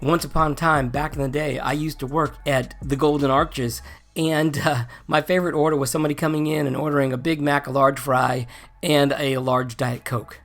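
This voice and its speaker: A wry, joking host talks through a casual explainer video. The accent is neutral General American, the New England roots mostly smoothed away. The pitch sits in the middle range, and faint music plays underneath. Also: level tone, normal speed. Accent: neutral General American, native New England accent mostly dropped.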